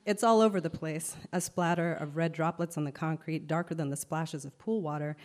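A woman's voice: low voice, darkish tone. A woman performing a spoken word poem, rhythmic, shifting between narration and voiced lines from a crowd.

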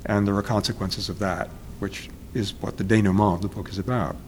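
A man being interviewed as an author, speaking in a halting, reflective way and often searching for words. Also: fairly low pitch, fairly even intonation, slight background noise.

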